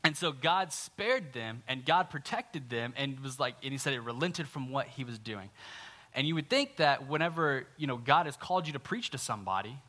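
A man's voice: medium pitch, expressive, moderate pace, pushed and bright. A young man preaching a sermon in a conversational, earnest way, sometimes acting out quoted complaints.

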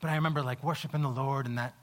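A man preaching a sermon, telling a personal story with halting restarts, lively in the telling and quiet in reflection. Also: mid-range voice. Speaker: pastor.

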